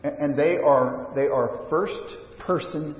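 Slow-preaching man in an echoey hall. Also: a little high. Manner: conversational, searching, with frequent restarts. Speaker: pastor. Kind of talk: sermon. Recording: echoey church hall, dull lo-fi sound.

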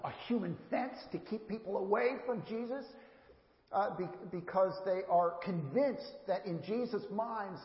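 Man, pastor, earnest sermon, repeats key words, talks to kids, echoey church hall with long reverb. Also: sits high. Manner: earnest, repeats words for emphasis, speaks directly to children. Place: church sanctuary. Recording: echoey hall, dull lo-fi sound.

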